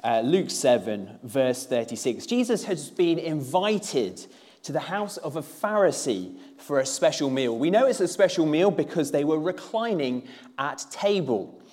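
A man's voice: a little high, sing-song, measured pace, a little mellow. A man preaching to a church congregation, conversational in manner, with filler words. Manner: conversational, with filler words and a few playful put-on voices. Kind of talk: sermon.

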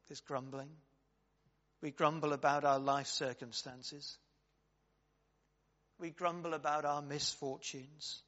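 A man's voice: fairly high pitch, fairly bright tone. A man preaching an earnest, reflective sermon with frequent fillers and asides, recorded in a dull, reverberant church.

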